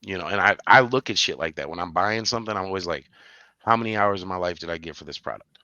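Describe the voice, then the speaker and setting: A man co-hosting a podcast, chatting casually and telling stories animatedly, with bursts of high-pitched laughter. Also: fast, bright, forceful tone, no room sound, lo-fi sound. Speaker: podcast co-host. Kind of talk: casual chat.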